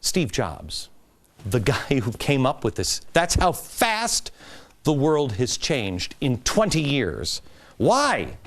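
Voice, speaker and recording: A middle-aged man hosting a talk show, giving an emphatic political commentary monologue. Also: fairly high pitch. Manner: animated, emphatic, rising to stress points.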